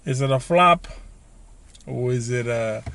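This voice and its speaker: A man's voice: medium pitch, slow pace, gravelly, heavy background noise. A man hosting his car channel, giving opinions in a joking, casual way with frequent laughs.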